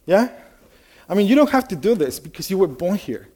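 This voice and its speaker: Chatty preacher man, mellow voice. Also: high voice, sing-song, fairly quick. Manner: conversational storytelling, many fillers, asks the audience questions. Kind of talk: sermon.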